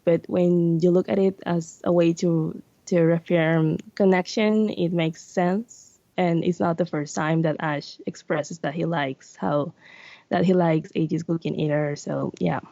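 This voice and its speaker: Woman podcast guest, lowish mellow voice, measured and thoughtful, muffled dry line. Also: steady tone, creaky, dry recording. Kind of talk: casual podcast discussion.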